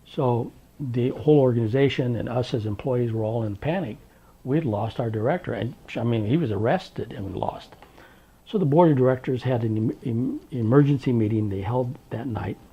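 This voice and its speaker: An older man telling an oral history of his working life, animated and acting out the dialogue he quotes. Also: medium pitch, normal speed, husky. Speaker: interviewee recounting his work history. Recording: dull lo-fi recording.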